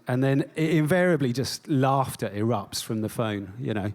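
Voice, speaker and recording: A man's voice: medium pitch, expressive, moderate pace, few pauses, a little mellow. A man giving a stage talk as an artist. He is self-deprecating and jokey, with many ums. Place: on stage before an audience.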